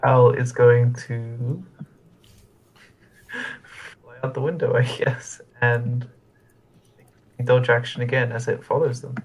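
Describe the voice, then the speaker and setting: A man playing a tabletop game, speaking in a casual, unhurried way. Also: mid-range voice, flat delivery, slight background noise. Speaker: player.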